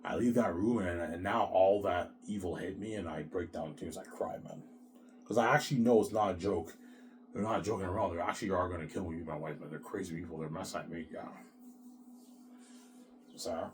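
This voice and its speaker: A man with a low, deep voice talks on and on in an emotional, rambling monologue. He sounds agitated and circles back to the same points, swears a lot and keeps calling the listener "man.". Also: fairly quick, noisy background.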